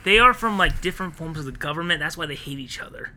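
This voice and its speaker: Man, podcast co-host, high voice, very bright tone, giggly, jumps into goofy skit voices. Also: lively intonation. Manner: laughing, acting out silly skits in quick put-on voices. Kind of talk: casual comedic chat.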